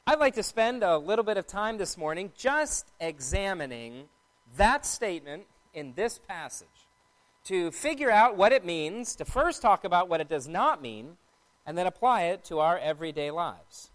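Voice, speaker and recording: A man preaching a sermon in a measured, explanatory teaching tone. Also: high voice, sing-song, fairly bright tone.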